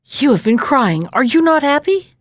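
A woman voicing a troubled king speaking softly and reluctantly to his daughter. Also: high voice, very animated, moderate pace, no room sound, studio quality, pitched above the performer's own voice. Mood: gentle. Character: troubled old king, gentle father.

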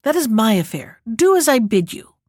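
A woman's voice: a little high, very animated, normal speed, dry recording, clean studio sound. A woman reading aloud and voicing an idle young man who insists impatiently in a storybook tale. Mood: insistent.

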